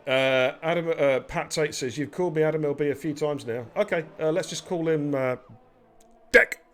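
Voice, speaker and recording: Chatty male race caller, a touch high-pitched, banters between laps. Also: a little fast. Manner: chatty, banters with viewers and co-host. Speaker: race commentator. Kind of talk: live sim racing commentary.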